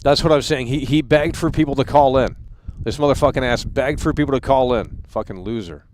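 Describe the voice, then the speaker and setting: A man's voice: mid-range voice, brisk, darkish tone, slight background noise. A man in his thirties hosting a live stream, ranting in a heated, profane way and stumbling over repeated words. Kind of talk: angry livestream rant.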